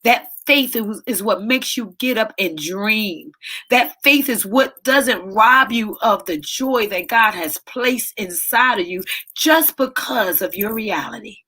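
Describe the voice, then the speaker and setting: A woman's voice: fairly high pitch, takes it slowly, bright, forceful tone, husky. A woman hosting a live inspirational talk as a soul coach, speaking with preachy, emotional repetition and close to tears. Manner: preachy, emotional, repeats phrases for emphasis.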